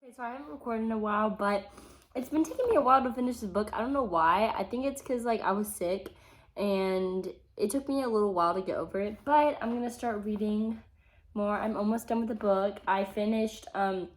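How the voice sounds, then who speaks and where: A woman's voice: mid-range voice, brisk. Chatty emotional young woman book vlogger. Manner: chatty and emotional, frequent fillers. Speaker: book reviewer. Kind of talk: casual reading vlog.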